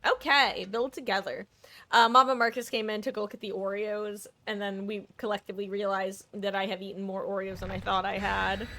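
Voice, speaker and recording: A woman streaming a game live, giving chatty, playful commentary with quick asides. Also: medium pitch, flat delivery, pushed and bright.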